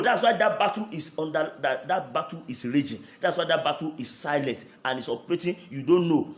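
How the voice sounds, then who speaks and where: A man's voice: a little high, roomy sound. A man, a pastor leading fervent prayer and speaking in tongues between repeated prayer lines.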